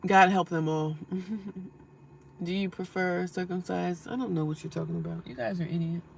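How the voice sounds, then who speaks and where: A woman's voice: lowish voice, a little hiss or hum. A woman live-streaming from her car, reading viewer comments aloud and scolding trolls in a blunt, sarcastic way. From United States. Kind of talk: casual live-stream chat.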